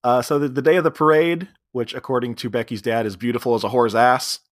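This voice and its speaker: A man's voice: mid-range voice, steady tone, fast talker. A man co-hosting a podcast, casually recapping a comedy film, laughing often and acting out quoted lines. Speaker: podcast co-host. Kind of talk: casual movie recap chat.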